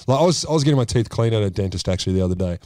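A man's voice: on the low side, lively intonation, very fast, darkish tone, no room sound. A man co-hosting a comedy podcast, swearing and joking while explaining, with a numb lip from a filling. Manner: crude, jokey, swears often. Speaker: podcast co-host. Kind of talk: casual comedic chat.

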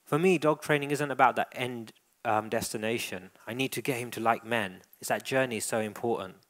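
A man coaches a dog owner through a live demonstration. He talks in a gentle, encouraging way and describes each thing the dog does. His pitch sits in the middle range for a man. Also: brisk. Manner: gentle, encouraging, narrates the dog's behaviour. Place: indoor event hall.

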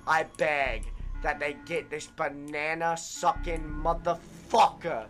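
A man's voice: fairly high pitch, fairly even intonation, takes it slowly, soft background music. Exasperated young man ranting over a game. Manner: ranting, swings from shouting to muttering; heavy swearing, exasperated. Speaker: gaming streamer. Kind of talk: live gameplay commentary.

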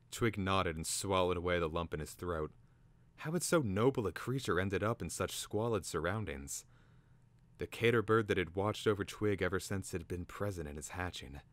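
A man's voice: deep voice, animated, normal speed, no room sound. A man giving a theatrical, dramatic reading of a fantasy story. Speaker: reader.

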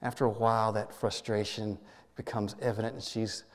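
A man serving as minister, leading a guided prayer meditation in a gentle, halting way, often repeating words and dropping to a soft hush. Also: lowish voice, flat delivery, in a large hall. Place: church sanctuary.

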